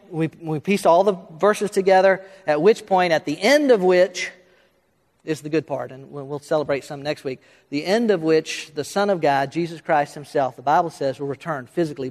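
A man preaching a Bible-study sermon, speaking quickly, with frequent restarts and filler words, and pushing up into questions he asks the room. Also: a little high. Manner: talks quickly, restarts and fills in with uh, rising to questions. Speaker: pastor. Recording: long hall reverb.

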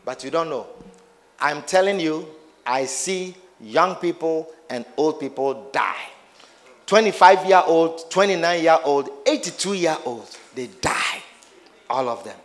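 A man's voice: on the high side, lively intonation, a little slow. A man preaching a sermon, calling out to his congregation with questions and playful teasing.

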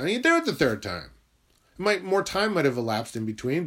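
A man's voice: on the high side, huge pitch swings, brisk. Emotional man rambling in a confessional video. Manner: emotional, swears, swings from loud outbursts to quiet muttering. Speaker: self-help video maker and writer.

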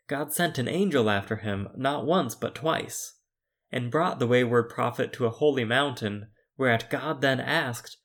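Male preacher, sermon, slow unhurried delivery, mid-pitched voice, measured storytelling. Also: fairly bright tone.

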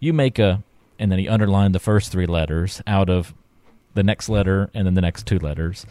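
A man co-hosting a talk show about finances, telling stories in a relaxed way with fillers and laughs. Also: low voice, fairly quick, smooth, dry recording. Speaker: podcast co-host. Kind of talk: casual chat.

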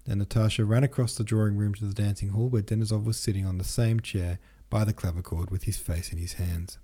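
A man narrating a classic novel in a measured reading. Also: on the low side, little pitch movement, mellow, breathy edge. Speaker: podcast host, reader. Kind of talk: scripted narration.

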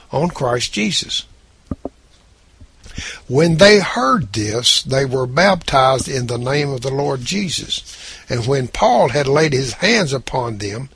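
A man's voice: mid-range voice, pushed and bright, husky, no echo. A man preaching a sermon, reading scripture aloud and pressing his points with emphasis.

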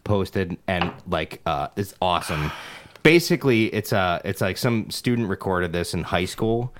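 A man's voice: low voice, expressive, measured pace. A young man co-hosting a podcast, chatting casually in a rambling, profane way with many restarts. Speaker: podcast co-host. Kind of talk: casual chat.

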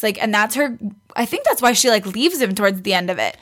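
Young pregnant woman, bit high voice, chatty, does little voices for people in her story. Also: animated, brisk, fairly bright tone. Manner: chatty, acts out quoted voices, laughs often. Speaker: guest. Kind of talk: casual storytelling.

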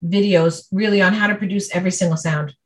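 A woman's voice: medium pitch, steady tone, quick pace. A woman who is a speech-language pathologist, patiently explaining her work in casual conversation.

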